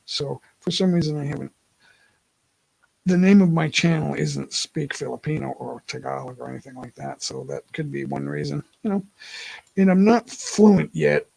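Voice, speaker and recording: A man's voice: on the high side, moderate pace, gravelly, a little mellow, rough recording. A man hosting a casual livestream from home on his laptop. He rambles, corrects himself mid-sentence and laughs often. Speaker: livestream host. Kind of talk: casual live-stream chat. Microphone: laptop mic.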